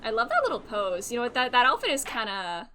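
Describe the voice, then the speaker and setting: A woman streaming a video game, reacting in excitable casual commentary with swearing and laughing asides. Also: on the high side, fast, slight background noise. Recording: game music playing behind.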